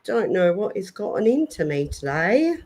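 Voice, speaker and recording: A woman co-hosting a casual livestream on her laptop, talking slowly and drifting into a put-on English accent. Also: mid-range voice, big pitch swings, a little mellow. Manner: slow, drawn-out, slips into a put-on English accent. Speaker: co-host of a paranormal livestream. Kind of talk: casual chat. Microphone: laptop webcam.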